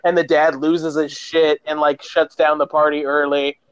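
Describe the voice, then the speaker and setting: A man's voice: a little high, normal speed, smooth, no room sound. Profane man animatedly retelling a movie. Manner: profane, animated storyteller, acts out quotes. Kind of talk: casual movie recap. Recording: dull dry lo-fi sound.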